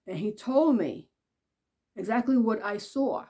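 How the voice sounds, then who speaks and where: A woman telling a personal story in a casual, conversational way. She goes high when quoting people and soft and quiet at the sad parts. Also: expressive, unhurried, pauses often. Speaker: vlogger.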